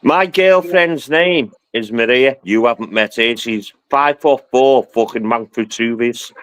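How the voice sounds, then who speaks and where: A man's voice: mid-range voice, unhurried, hardly any pauses, no echo. Swearing northern English man bantering. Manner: loud, swearing, joking banter. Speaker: live stream host. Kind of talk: casual banter on a group call.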